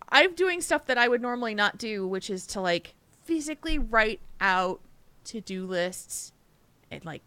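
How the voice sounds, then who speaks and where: A woman's voice: fairly high pitch, sharp tone, smooth, dry recording. A tired woman co-hosting a podcast, chatting casually, rambling and restarting her sentences with frequent laughs. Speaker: podcast co-host. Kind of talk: casual chat.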